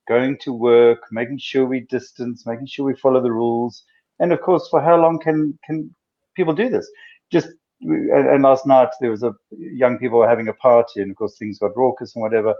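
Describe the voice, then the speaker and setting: A middle-aged man chatting casually as a doctor co-host, his delivery animated with sudden bursts of emphasis. His voice sits in a middle pitch, heard through a dull, lo-fi recording. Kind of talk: casual chat. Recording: dull lo-fi sound.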